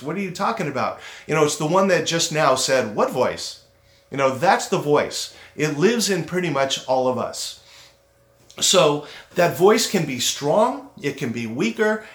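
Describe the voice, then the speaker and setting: A middle-aged man hosting a motivational self-esteem talk. He speaks earnestly, slows down to stress his points, and acts out his own inner critic. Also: fairly high pitch. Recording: roomy echo.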